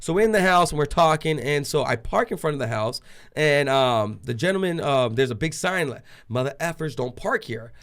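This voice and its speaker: Animated storytelling man. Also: on the high side, a little fast, clear, resonant tone. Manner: laughs often. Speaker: interview guest. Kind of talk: casual storytelling interview.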